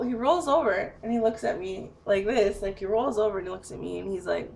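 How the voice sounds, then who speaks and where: A woman's voice: medium pitch, fairly quick, vocal fry, few pauses, a little mellow. A young woman recounting a personal mishap in a casual, chatty way. She laughs often as she talks, and her sentences are strung together with plenty of fillers. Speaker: storyteller. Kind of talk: casual anecdote telling.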